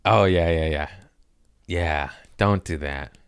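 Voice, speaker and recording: A man's voice: sits low, slow pace, creaky, smooth, dry recording, studio quality. A young man hosting a podcast in a podcast room, chatting casually in a rambling, profane, joking way. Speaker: podcast host. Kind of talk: casual comedic podcast chat.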